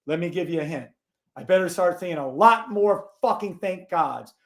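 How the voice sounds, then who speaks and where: A man hosting a live trading stream, gruff and blunt, swearing and scolding his viewers while he calls out trades. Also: high voice, expressive, normal speed, a bit bright.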